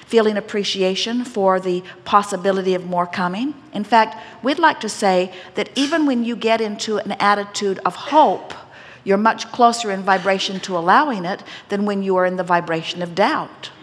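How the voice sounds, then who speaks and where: A woman gives an inspirational seminar talk to a room full of listeners. She speaks as a collective "we", deliberate and gently teasing, at a medium pitch. Her voice carries a long reverb from the hall. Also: a little hiss or hum. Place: seminar room with a live audience.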